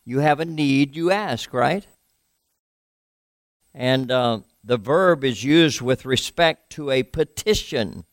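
Gravelly-voiced pastor preaching conversationally. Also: male voice, mid-range voice, lively intonation, slow, no room sound, studio quality. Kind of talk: sermon.

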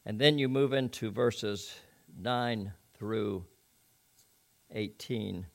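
Gravelly-voiced man preaching a sermon. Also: fairly low pitch, extremely slow. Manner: conversational with asides to the congregation.

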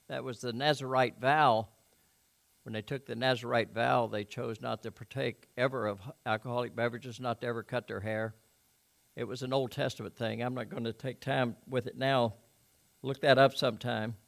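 A preacher delivering a sermon, reading scripture and making conversational, folksy asides to the congregation. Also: male voice, mid-range voice, steady tone, normal speed, creaky, a bit bright.

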